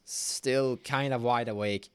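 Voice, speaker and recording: A man's voice: medium pitch, steady tone, slow, smooth. A man narrating a horror tabletop game as game master, describing scenes to the players.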